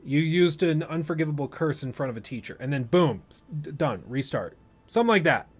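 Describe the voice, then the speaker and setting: A man's voice: fairly high pitch, fast. Casual man rambling on a livestream. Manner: rambling, thinking aloud with many fillers and restarts. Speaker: streamer.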